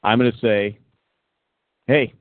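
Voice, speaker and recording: A man's voice: mid-range voice, steady tone, slow pace, no room sound. A man hosts a casual sports talk show and rambles through his points with plenty of restarts. His voice comes across a dry, tinny, phone-like line. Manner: rambling, many restarts and fillers. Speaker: podcast host.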